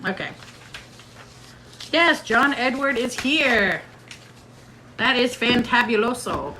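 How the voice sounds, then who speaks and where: A woman's voice: fairly high pitch, animated, slow pace, pauses often, sharp tone, a little hiss or hum. A middle-aged woman hosting a casual livestream, chatting playfully and reading out viewer comments while she waits for a guest. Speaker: livestream host.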